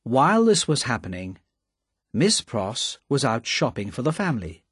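A man narrating a story with a slow, expressive reading. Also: mid-range voice, slightly rough, no room sound, clean studio sound.

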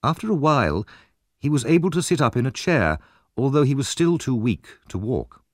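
A man narrating a story as an audiobook, with expressive, lively storytelling. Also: medium pitch, moderate pace, no echo, clean studio sound.

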